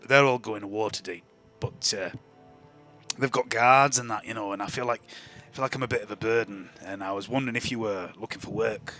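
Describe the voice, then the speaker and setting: A man's voice: on the low side, brisk, bright, forceful tone, faint music behind, voice pushed down. A man doing a meek stammering traveller. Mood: pleading. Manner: apologetic, stammering, hesitant. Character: meek stammering male traveller selling ale. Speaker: non-player character.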